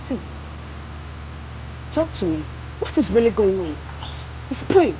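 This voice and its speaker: A woman's voice: medium pitch, sing-song, takes it slowly, mellow, a little hiss or hum, poor audio. An actress with a Nigerian accent playing a scornful aunt who is hostile to her brother's wife, talking bluntly. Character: scheming older aunt, hostile to in-law. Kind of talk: film drama acting.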